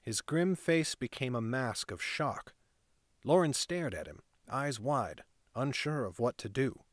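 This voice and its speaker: A man narrating a fantasy novel aloud in a steady reading voice. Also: mid-range voice, a little slow, no room sound, clean studio sound. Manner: steady reading with casual off-script asides.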